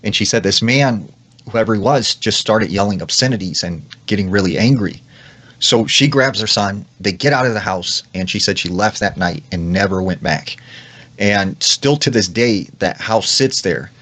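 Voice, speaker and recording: Speaking at an ordinary pace, a man with a lowish, slightly bright voice casually narrates an eerie story, leaning on "like" and acting out the lines people said.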